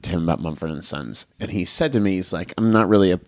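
A man co-hosting a podcast in casual chat, talkative and laughing often, dropping into quick voice impressions. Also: sits low, a little mellow. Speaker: podcast co-host.

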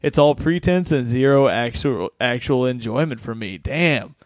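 A man's voice: medium pitch, moderate pace, dry recording, studio quality. A man hosting a podcast in casual chat, joking and swearing as he reads listener comments aloud. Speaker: podcast host.

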